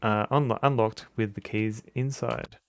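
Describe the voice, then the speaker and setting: A man's voice: lowish voice, steady tone, measured pace, no echo. A man voicing a male police officer reporting a crime scene in a game, read in a near-plain voice.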